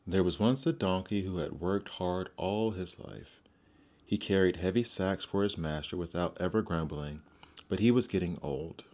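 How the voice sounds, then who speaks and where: Male narrator, deep voice, gentle expressive storybook reading. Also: moderate pace.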